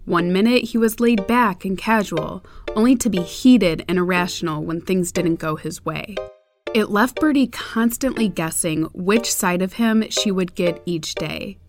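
A woman narrator reading a scripted story in a measured, even way. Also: mid-range voice, over music.

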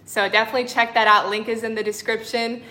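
Her voice sits a little high and comes out pushed and bright, delivered flatly and fast. She's a young woman coaching spiritually on a casual livestream, reading chat and affectionately calling people sister and honey.

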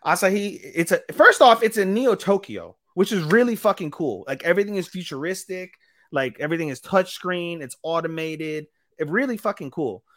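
A man co-hosting a podcast, recapping an anime episode in a rambling, profane, animated way. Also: sits high, moderate pace, no room sound. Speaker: podcast co-host. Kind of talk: casual chat, anime recap.

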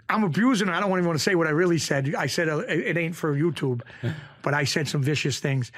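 A middle-aged man from New talks in a voice pitched a touch high for a man. He tells his stories in an animated, rough street way and often repeats himself. He sounds like a podcast guest deep in casual talk. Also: fairly quick. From Springfield, Massachusetts. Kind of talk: casual storytelling.

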